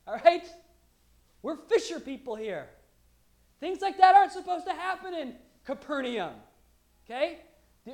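Woman preacher, chatty sermon with jokes thrown in, voice a bit on the high side. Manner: lively and conversational, with humorous asides.

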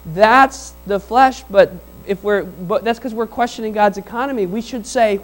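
Guy with a pretty high voice preaching, chatty and animated, does little voices for the folks in his stories. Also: normal speed, few pauses, rough recording. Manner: conversational and animated, acting out quoted people. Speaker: pastor. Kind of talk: sermon.

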